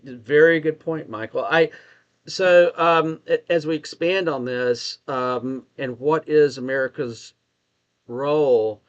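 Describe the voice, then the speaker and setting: A man with a Texas drawl talks through politics casually, often restarting his sentences as he thinks aloud. His voice sits at a middling pitch. The audio is slightly dull and lo-fi. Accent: Texan. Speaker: podcast co-host.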